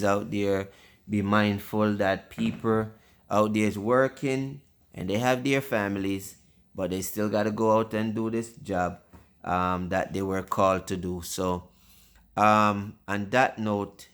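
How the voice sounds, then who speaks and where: A man's voice: on the low side, fairly even intonation, measured pace, fairly bright tone, clean tone. A father hosting a casual family video, rambling and often stumbling over his words.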